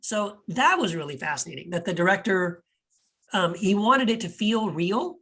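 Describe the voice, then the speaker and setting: Hosting a casual film podcast, an eager man who's also an author talks off the cuff, meandering, restarting sentences and asking puzzled rhetorical questions with great animation. His high voice is expressive and sharp, at a moderate pace.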